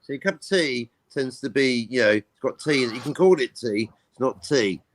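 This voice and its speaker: A man's voice: mid-range voice, expressive, normal speed, slight background noise. An English man chatting casually as a guest on a morning stream, teasing and bantering. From England. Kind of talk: casual chat.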